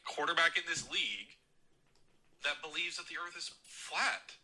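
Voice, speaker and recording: A man's voice: a little high, sharp tone, poor audio. A man leaving a voicemail, ranting about football and swearing constantly in a mocking, heated tone. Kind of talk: profane fan rant.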